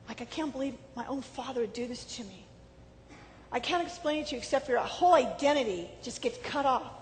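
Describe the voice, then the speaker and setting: A middle-aged woman telling her life story as a personal testimony, earnest and emotional. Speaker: speaker giving testimony. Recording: hall reverb with faint rumble.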